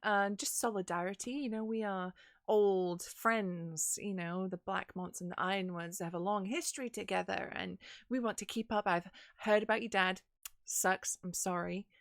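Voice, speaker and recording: A woman voicing a controlling male nobleman who dictates in a measured, falsely friendly way. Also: medium pitch, fairly even intonation, no echo, studio quality, natural voice. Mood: smooth.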